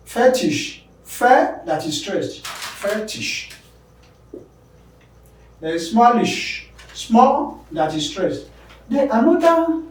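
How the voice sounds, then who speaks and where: A man teaching an English pronunciation lesson, slowly stressing and repeating key words. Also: sits high, darkish tone, distant mic. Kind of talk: classroom lesson. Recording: echoey room, speaker away from mic.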